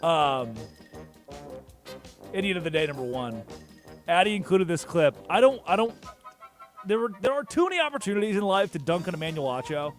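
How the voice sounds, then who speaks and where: Brief: male sports radio host, high and lively voice, mocking rant that swings loud to hushed. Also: faint music behind. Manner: mocking, swings loud and soft, fast then slow.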